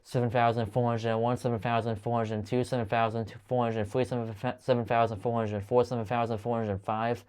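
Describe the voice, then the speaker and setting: A man's voice: medium pitch, clean tone. A man counting aloud at length, stumbling and restarting often as he goes. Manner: rapid steady counting with frequent stumbles and restarts. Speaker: channel host counting aloud. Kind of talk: long monotone counting video.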